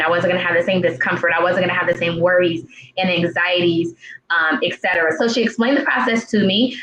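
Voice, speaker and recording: A woman's voice: medium pitch, a bit bright, a little hiss or hum. A woman in her thirties, telling her own story as a guest in a live-stream interview, earnest and heartfelt, with many fillers and restarts. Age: 30s. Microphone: video call. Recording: roomy, dull live-stream audio.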